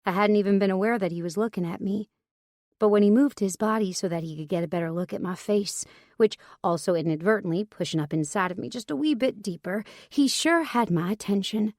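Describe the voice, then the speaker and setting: A woman's voice: medium pitch, fairly quick, a little mellow, no echo, studio quality. Intimate woman narrating a romance audiobook. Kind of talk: first-person romance narration.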